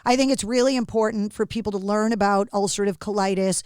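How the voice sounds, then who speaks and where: A woman's voice: medium pitch, fairly even intonation, fast talker, darkish tone, clean tone, no room sound, studio quality. A middle-aged woman hosting a podcast in casual, effusive interview chat. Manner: chatty and effusive. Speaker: podcast host.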